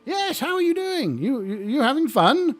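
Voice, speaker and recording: A man's voice: extremely high pitch, sing-song, normal speed, voice pushed up. A man voicing a genial undead lich official who is fawning, stammering and overly polite. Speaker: solo tabletop player.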